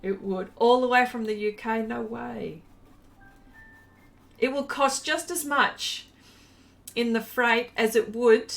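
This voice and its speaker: An Australian woman chatting her way through a painting live stream in a somewhat high, unhurried voice. She reads viewers' comments aloud and laughs easily between remarks. Soft music plays faintly in the background. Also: creaky. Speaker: art live-stream host. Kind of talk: casual live-stream chat while painting.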